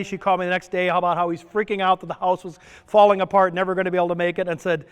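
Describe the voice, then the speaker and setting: High-voiced joking male presenter. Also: flat delivery, racing, few pauses, clean tone. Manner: joking, asks the audience questions. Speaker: presenter at a stress summit. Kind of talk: conference talk. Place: resort conference room. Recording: long reverb of a conference hall.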